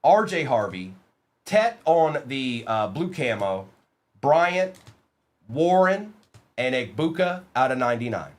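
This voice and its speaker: A man's voice: mid-range voice, big pitch swings. A man hosting a live-streamed trading card break, chatting with viewers by name and reading out lists of players. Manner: talks to chat viewers by name, reads lists of names quickly. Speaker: livestream card break host. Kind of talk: casual live-stream chat.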